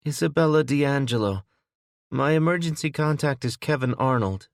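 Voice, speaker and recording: A man's voice: medium pitch, expressive, moderate pace, creaky, no echo, studio quality, voice pushed up. A man voicing a dazed injured young woman in an audiobook.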